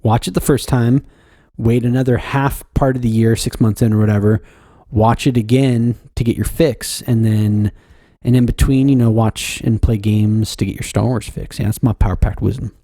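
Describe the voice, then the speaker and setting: A man's voice: mid-range voice, fairly even intonation, moderate pace, mellow, no echo, clean studio sound. A man co-hosting a podcast in casual chat, laid-back and rambling, with lots of "like" and "um". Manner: laid-back and rambling, heavy on fillers and restarts. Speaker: podcast co-host.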